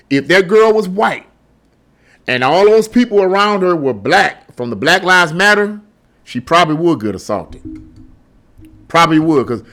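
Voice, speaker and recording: A middle-aged man with a somewhat high voice delivers a solo opinion commentary. He talks bluntly and heatedly, stumbling over repeated words when he gets worked up. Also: pushed and bright. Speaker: political commentary host.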